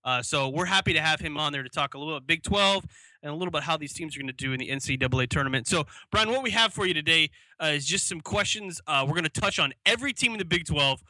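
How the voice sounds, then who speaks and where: A man's voice: on the high side, lively intonation, quick pace, bright, forceful tone, no echo. A man co-hosting a sports podcast, chatting casually and easygoing as he runs through awards with his friend. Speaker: podcast co-host.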